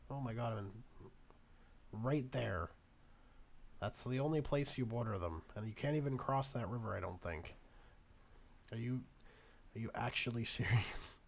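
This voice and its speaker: A man's voice: mid-range voice, creaky. A young man giving casual let's-play commentary on a strategy game, sarcastic and exasperated, talking to the nations on screen. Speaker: gaming YouTuber.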